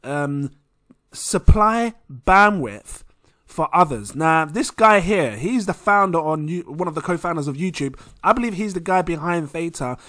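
Young man, English accent, excitable, giggly, rambling, lively swinging pitch, bright tone. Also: normal speed, few pauses, no room sound, studio quality. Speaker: crypto vlogger. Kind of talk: casual screen-share commentary.

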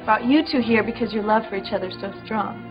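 A woman's voice: medium pitch, fairly even intonation, fast, close to an everyday voice. An actress playing an urgent, pleading young woman in a soap opera. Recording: dull broadcast sound with music.

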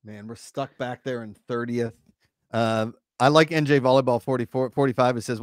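A man's voice: mid-range voice, moderate pace, no room sound, studio quality. A man hosting a live race-watching stream, joking around and reading out chat comments. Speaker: stream host.

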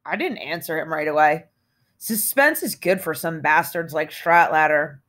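A woman's voice: low voice, moderate pace, fairly bright tone. A woman narrating a first-person novel aloud in a casual, sardonic, conversational way. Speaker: audiobook reader.

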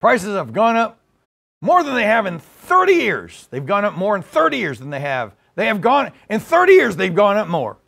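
A man's voice: high-pitched, wildly swooping pitch, vocal fry, a bit bright, full character voice. Man doing a rambling confused old president. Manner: halting, repeating himself, trailing off.

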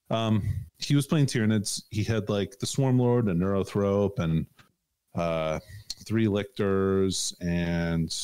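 Male podcast co-host, low voice, loose rambling delivery full of ums, laughs easily. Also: darkish tone, clear, resonant tone. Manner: rambling, laughs often, many fillers. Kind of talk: casual chat.

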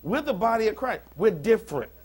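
Husky-voiced preaching man in church. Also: high-pitched, sing-song, brisk. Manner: emphatic preaching with call-and-response, repeats lines for emphasis. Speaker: pastor. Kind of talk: sermon. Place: church sanctuary.

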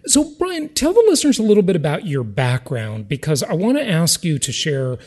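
A man hosting a podcast interview, chatty and self-deprecating, and quick to laugh. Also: a little high, huge pitch swings, darkish tone, husky. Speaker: podcast host.

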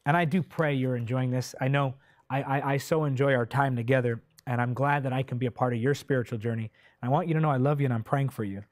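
A man preaching a sermon with passion, speaking directly to his listeners, drawing out key words slowly, swelling loud and then dropping to a hush. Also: medium pitch, fairly even intonation, no echo, studio quality. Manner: impassioned, swells loud then drops soft; slow, drawn-out delivery when stressing key words.

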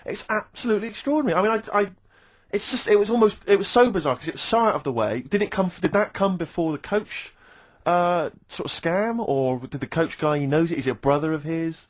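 A man with a high, light voice chats on a radio show, racing through his stories. He tells anecdotes with lively animation, recorded in a studio. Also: a little fast. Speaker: radio co-host. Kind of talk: casual radio chat.

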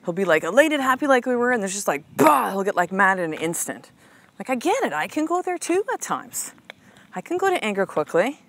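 A woman life coach and mother of a six-year-old hosts a motivational podcast, speaking casually and emphatically, full of "like" and "right?", swearing freely, and calling her listener "sister." Her mid-range voice is very animated, brisk, and fairly bright, with slight background noise.

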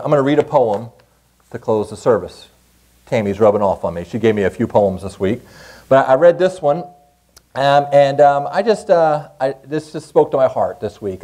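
Man, pastor, sermon in a church sanctuary, animated pitch, slightly high voice. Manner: earnest, conversational preaching with rising emphasis.

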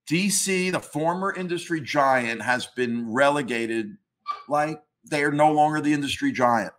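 A man's voice: fairly high pitch, a little slow, fairly bright tone. A man, a comics historian interviewed as a guest, arguing his views emphatically in a ranting tone and swearing casually. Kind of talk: opinionated interview talk.

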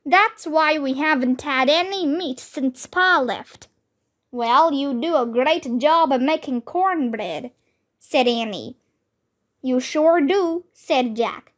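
A woman reading a children's chapter book aloud, slowly and carefully, giving the characters simple voices. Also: high voice, expressive, a bit bright. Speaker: reader.

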